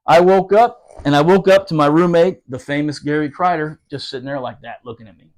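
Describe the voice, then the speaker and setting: A former Marine who tells stories on a podcast recounts a rowdy, profane episode from his service, laughing all the way through. His voice sits on the high side and moves fairly quickly in this casual storytelling.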